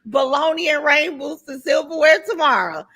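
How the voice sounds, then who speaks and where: A woman's voice: high-pitched, lively intonation, moderate pace, fairly bright tone. A middle-aged woman hosting a casual livestream, talking bluntly and reading out viewer comments as she goes. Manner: blunt, chatty, reads viewer comments aloud. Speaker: livestream host.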